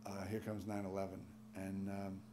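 A man in his sixties, a veteran, telling a personal memory in a halting, reflective, soft-spoken way. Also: sits low, completely flat delivery, noisy background. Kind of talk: personal testimony.

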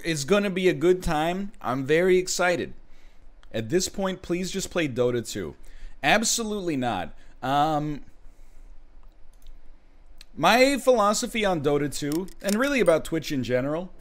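Animated, sarcastic male streamer. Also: a little high, a little slow. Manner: sarcastic, animated, with sudden shouts. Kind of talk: casual live-stream commentary while gaming.

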